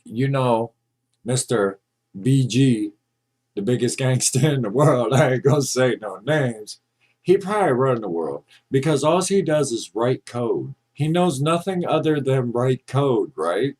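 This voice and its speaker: A man's voice: mid-range voice, animated, unhurried, a little mellow. A man co-hosting a podcast in casual chat, ranting and joking with a lot of swearing. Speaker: podcast co-host.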